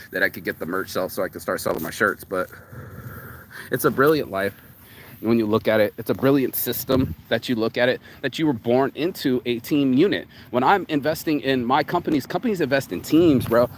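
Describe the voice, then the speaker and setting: A man's voice: on the high side, a little hiss or hum. A man vlogging in casual motivational chat, rambling and streetwise, swearing freely and calling listeners "bro".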